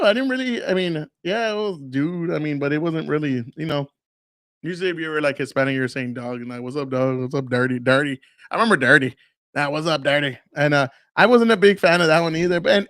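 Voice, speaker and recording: Man in his forties, casual podcast rambling, swears a lot, lingering cough, slightly high voice, dry close sound. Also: fairly bright tone, no echo. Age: 40s. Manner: loose, profane, rambling with many fillers. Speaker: podcast host. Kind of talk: casual solo podcast talk.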